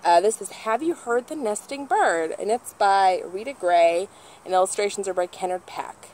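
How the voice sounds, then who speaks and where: A nature center educator reads a children's picture book aloud, animated and imitating bird calls as she points out the pictures. She has a mid-range voice and reads at a normal speed.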